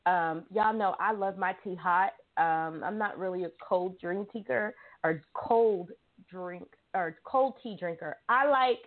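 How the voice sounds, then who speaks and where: A woman's voice: fairly low pitch, unhurried, phone-quality sound. A woman from South Carolina with a Southern US accent, hosting a talk show in a chatty, teasing way and talking straight to her listeners. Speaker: show host. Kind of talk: casual talk show chat.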